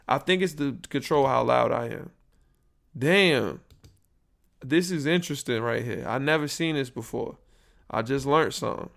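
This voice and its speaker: A young man talks casually and rambles through his podcast, full of slang and asides. His voice has a gravelly, creaky texture at a middle pitch. He is recorded on a built-in computer microphone. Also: moderate pace, fairly bright tone. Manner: rambling, troubleshooting audio live, slangy. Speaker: podcast host. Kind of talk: casual solo podcast chat.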